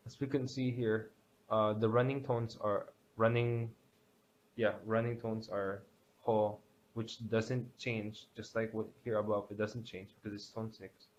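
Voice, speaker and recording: Slow, low-voiced man explaining grammar. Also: little pitch movement. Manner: hesitant, many fillers and restarts. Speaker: language teacher. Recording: dull lo-fi sound with faint background hiss.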